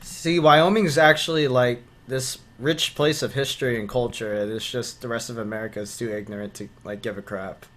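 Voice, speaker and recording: A man's voice: mid-range voice, steady tone, moderate pace, few pauses, fairly bright tone. Wisecracking young man, casual chat. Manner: wisecracking, offhand.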